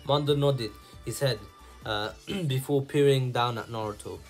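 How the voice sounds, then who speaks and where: Man reading a story aloud haltingly. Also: mid-range voice, soft background music. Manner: halting reading with self-corrections and asides. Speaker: fan fiction reader. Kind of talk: reading fan fiction aloud.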